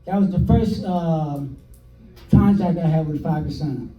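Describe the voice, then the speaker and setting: Older man, high voice, roomy distant sound. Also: a little slow, lo-fi sound, soft background music. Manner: animated, acts out quoted dialogue with hesitant fillers. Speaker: interviewee recounting his past. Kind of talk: documentary storytelling interview. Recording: roomy sound from a distant mic, faint noise.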